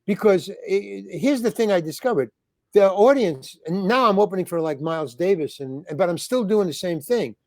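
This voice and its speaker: A man's voice: high-pitched, a little mellow, dry recording, studio quality. An older man, a comedian and actor, telling rambling stories with many restarts and acting out the lines he quotes. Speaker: comedian and actor, interview guest. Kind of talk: rambling storytelling in conversation.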